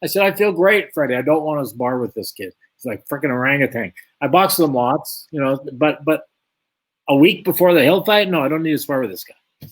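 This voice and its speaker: A man's voice: a little high, fairly quick. A man telling a long boxing story in an interview, acting out both sides of the conversations. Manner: lively anecdote-telling, acts out both sides of the dialogue. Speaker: former boxer, guest.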